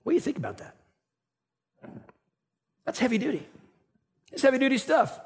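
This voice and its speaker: A male pastor preaching a sermon in a conversational, animated way, swinging between loud emphasis and quiet asides. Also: extremely high pitch, normal speed.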